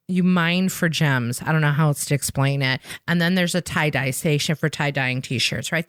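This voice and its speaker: A woman with a somewhat low, slightly bright voice is heard in a dry, studio-quality recording. She's a sales trainer with improv experience, giving a lively, emphatic conversational podcast explanation and regularly tacking a questioning "right?" onto what she says.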